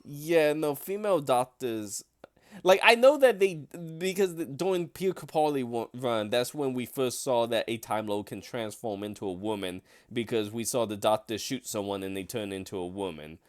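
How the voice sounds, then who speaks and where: A man's voice: mid-range voice, normal speed. A man in a casual fan discussion, talking hesitantly with many fillers and restarts.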